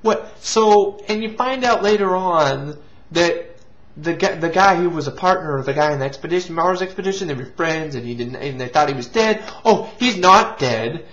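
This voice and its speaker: A man's voice: a little high, animated, moderate pace, a bit bright. A man hosting a casual movie review, rambling with restarts and casual swearing. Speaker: movie reviewer and show host. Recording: lo-fi, dull sound.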